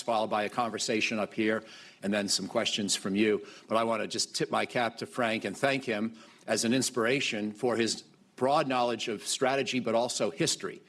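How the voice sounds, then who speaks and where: Low-voiced man introducing a speaker. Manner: warm, admiring, a little halting. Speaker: event moderator. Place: conference hall podium.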